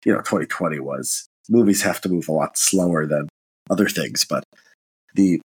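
Low husky sick-sounding man. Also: moderate pace, no room sound. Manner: hesitant, many restarts and fillers. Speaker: political commentator. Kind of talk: casual monologue.

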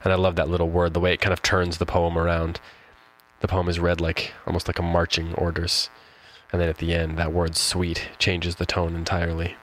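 A poetry podcast host speaks in a low-pitched monotone, fairly quick and a bit bright, casually and thoughtfully picking apart a poem with fillers and restarts before a slow reading. The audio is poor.

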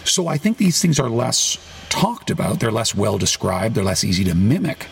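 A man talking as a guest author on a podcast, rambling, correcting himself mid-sentence and getting animated. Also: lowish voice, moderate pace, creaky, slightly rough. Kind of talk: podcast conversation.

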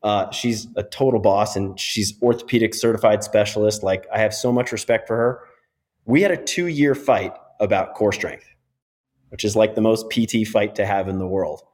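A middle-aged physiotherapist, appearing as a guest on a podcast interview, explains things in an animated, emphatic way. His voice is fairly low-pitched and he speaks at a normal speed.

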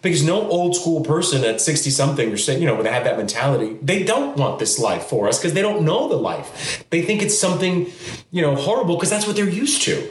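A middle-aged man, a TV news anchor guesting on a podcast, telling personal stories candidly and acting out what his family said. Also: a little fast. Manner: animated, acts out quoted family members with sudden high pitch jumps. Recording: roomy echo.

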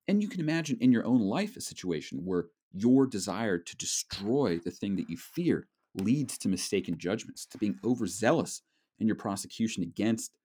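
A man lecturing on a novel in a measured, explanatory way, with frequent fillers. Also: on the low side, dark tone, husky. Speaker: literature lecturer. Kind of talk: recorded lecture.

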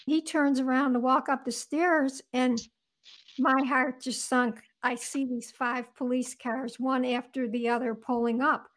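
A woman with a noticeably high voice, a guest on an interview show. She tells her story earnestly and step by step, lingering on vivid details. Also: flat delivery, measured pace. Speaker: guest author.

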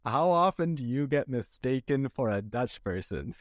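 A young man hosts a podcast in a relaxed, conversational tone and asks plenty of questions. His voice is mid-pitched. The recording is dry and close. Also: normal speed, dry recording. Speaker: podcast host. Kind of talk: casual podcast chat.

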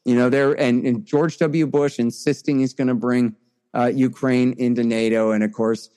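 A man giving conversational political commentary as an interview guest, emphatic and restarting often, his pitch climbing sharply when he gets indignant. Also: level tone, normal speed, dark tone, smooth.

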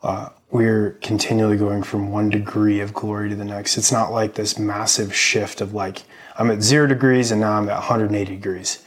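A man's voice: on the low side, little pitch movement, fairly quick, husky. A man in his thirties, a podcast guest, talking earnestly and casually about faith with many fillers. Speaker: podcast guest, army medic veteran.

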